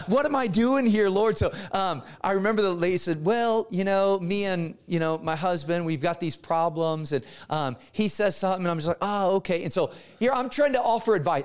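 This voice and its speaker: Brief: middle-aged man, pastor, high-pitched voice, animated storytelling sermon. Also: a little fast, few pauses, clear, resonant tone. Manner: animated storyteller acting out dialogue.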